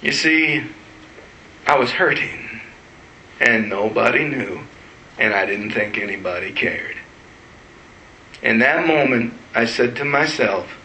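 A man's voice: medium pitch, lively intonation, takes it slowly, long pauses, sharp tone, a little hiss or hum. A man, a pastor, telling a personal story in a sermon. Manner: storytelling with emotional retelling. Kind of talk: sermon testimony. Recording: roomy echo.

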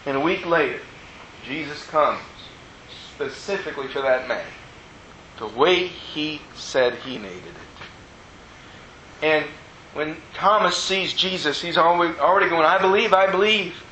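A man preaching a sermon as a personal testimony, telling the story earnestly and moving between hushed and excited tones. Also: on the high side, slow pace, pauses often, slight background noise. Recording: roomy echo.

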